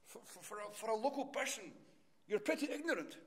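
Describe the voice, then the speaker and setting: A man putting on a high, exasperated English motorist. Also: expressive, quick pace, husky, full character voice. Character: brash English male motorist, impatient.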